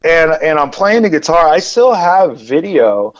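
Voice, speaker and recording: A man telling a personal story as a podcast guest, rambling and animated, with lots of fillers and repeated words. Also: fairly high pitch, unhurried, dull audio. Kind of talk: casual storytelling.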